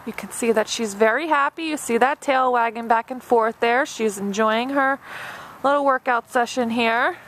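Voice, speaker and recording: A woman's voice: a little high, moderate pace, a bit bright, slight background noise. A woman dog trainer narrating an obedience demonstration step by step, with a patient and encouraging manner. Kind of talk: instructional narration.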